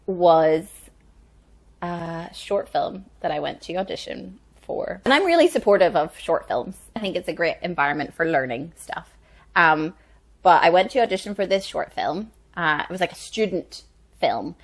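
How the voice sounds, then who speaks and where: Chatty woman, lowish voice. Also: expressive, measured pace. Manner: chatty, many "like" fillers. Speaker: guest. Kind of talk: casual chat, telling anecdotes.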